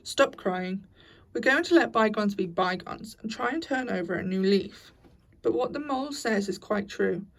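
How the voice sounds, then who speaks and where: A woman's voice: mid-range voice, animated, normal speed, gravelly, distant mic. A woman voicing a stern, respected old male badger with a thin, dry voice in a storybook reading, severe yet fatherly. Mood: kindly.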